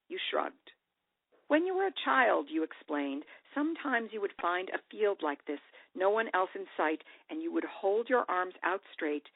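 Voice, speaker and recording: A woman author reading her own personal essay aloud in a measured, reflective way. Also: lowish voice, no room sound. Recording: dry, tinny radio broadcast audio.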